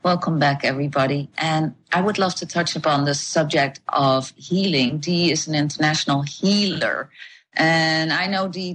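A woman's voice: low voice, a bit bright, a little hiss or hum. A woman hosting an interview, introducing her guest and giving encouraging replies. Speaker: host.

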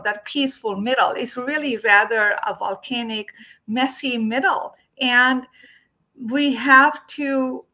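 A woman hosting a casual wellness conversation, talking expressively and quick to agree. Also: a little high, pushed and bright. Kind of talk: casual spiritual wellness chat.

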